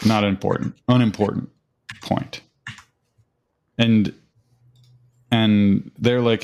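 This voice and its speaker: A man's voice: fairly low pitch, little pitch movement, slow, pauses often, darkish tone. A man casually telling a profane, rambling anecdote on a chat podcast, acting out quoted voices. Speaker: podcast host.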